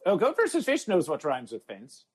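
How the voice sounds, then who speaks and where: A man hosts an absurdist comedy podcast, referring to himself in the third person, speaking formally without contractions, and chanting his catchphrases. His voice is a little high and husky with wildly swooping pitch at normal speed, recorded as poor phone app audio.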